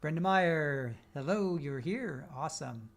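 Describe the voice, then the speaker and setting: A man's voice: a little high, expressive, unhurried, gravelly. A man hosting a live stream, casually reading out viewer comments with teasing jokes and frequent laughs. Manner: joking, teasing, laughs often. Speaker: livestream host.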